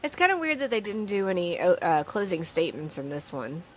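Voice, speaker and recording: A woman's voice: on the low side, sing-song, brisk, lo-fi sound, slight background noise. A woman co-hosting a casual podcast, retelling a court case with a blunt manner and casual swearing. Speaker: co-host.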